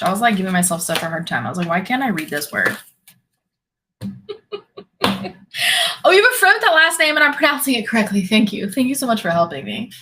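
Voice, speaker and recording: Bright-voiced woman chatting on a live stream. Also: medium pitch, slight background noise, poor audio. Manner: chatty, laughs often, reacts to chat comments. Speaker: host of a spiritual live stream. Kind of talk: casual live-stream Q&A, reading chat.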